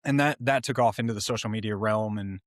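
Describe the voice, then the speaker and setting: Man guest, lively rambling anecdotes, dry studio sound. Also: on the low side, quick pace, no room sound. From Oklahoma, US. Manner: animated, self-interrupting, laughs through stories. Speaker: animal chiropractor guest. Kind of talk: casual storytelling interview.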